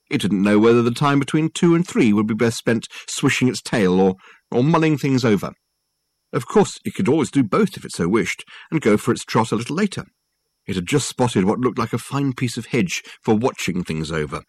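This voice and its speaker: A man reading an audiobook aloud with wry, expressive storytelling. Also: medium pitch, dry recording. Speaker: audiobook narrator. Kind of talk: scripted narration.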